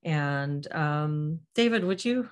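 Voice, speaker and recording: A woman's voice: low-pitched, expressive, slow, smooth. A woman hosting a casual group live stream over a video call, friendly and rephrasing her questions as she goes. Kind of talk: casual group chat moderating.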